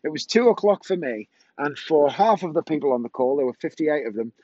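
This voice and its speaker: A man's voice: fairly high pitch, animated, a little fast, mellow, no room sound. Chatty middle-aged man, dry lo-fi sound. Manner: chatty, rambling, self-correcting. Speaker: magician. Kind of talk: casual vlog chat.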